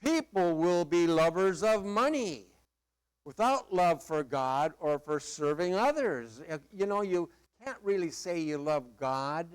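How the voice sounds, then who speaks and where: A man's voice: a little high, clear, resonant tone. A middle-aged male pastor preaching a sermon in a conversational, emphatic way with playful asides.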